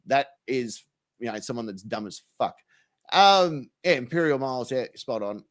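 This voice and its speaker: A man's voice: mid-range voice, expressive, normal speed. An Australian man, the host, giving casual, sweary, slang-filled reaction commentary and explaining local words.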